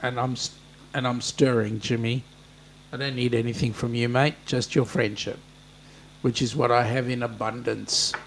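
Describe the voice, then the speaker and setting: An Australian man hosts a casual live-stream chat, reading viewers' comments aloud and answering them by name in a friendly, matey way full of ums. His mid-range voice is gravelly with little pitch movement, and he talks at a moderate pace. There's a slight hiss or hum on the recording.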